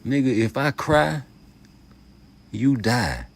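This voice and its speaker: A man with a low, husky voice rants to camera on his boxing channel. He talks in heavy street slang and profanity. His delivery swings from loud, passionate outbursts to muttered asides. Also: expressive, slow pace, long pauses. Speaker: YouTube boxing commentator. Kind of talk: casual vlog rant.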